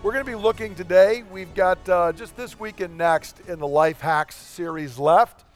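A male pastor preaching a sermon in a conversational way, slowing down to stress key phrases. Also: high voice, soft background music.

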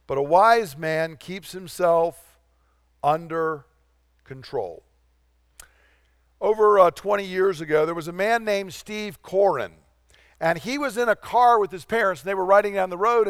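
A male pastor preaching a sermon in a conversational way, slowing down to stress key phrases. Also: fairly high pitch, clean tone, no echo, studio quality.

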